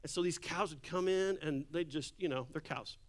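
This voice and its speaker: A man's voice: fairly high pitch, normal speed. Joking, casual man preaching. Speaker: pastor. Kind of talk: sermon. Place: church sanctuary. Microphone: handheld or stage microphone.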